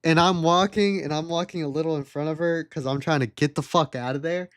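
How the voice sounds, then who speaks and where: Young male streamer, animated storyteller, fairly high voice, dry close mic. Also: a little fast, no room sound. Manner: animated, mimics the people he quotes. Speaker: livestreamer. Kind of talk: casual storytelling.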